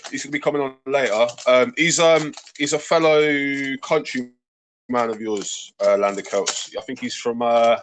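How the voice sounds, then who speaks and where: A man's voice: mid-range voice, normal speed, slight background noise. A man hosting a casual livestream chat over a video call, full of swearing and laughter. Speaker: livestream host.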